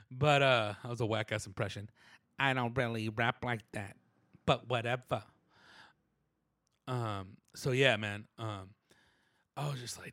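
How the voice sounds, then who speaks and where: Bright-voiced man telling a rambling story. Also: mid-range voice, fairly even intonation, moderate pace, no room sound, clean studio sound. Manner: rambling, slangy, profane, does voices of people in his stories. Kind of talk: casual storytelling monologue.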